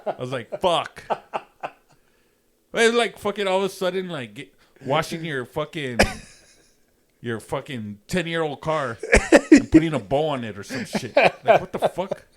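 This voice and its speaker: A middle-aged man spins a story over casual podcast chat, swearing freely and acting out his own reactions. His voice sits a little high for a man and swings widely in pitch as he goes. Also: measured pace, long pauses. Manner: profane, animated storyteller who acts out his own reactions. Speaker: podcast co-host.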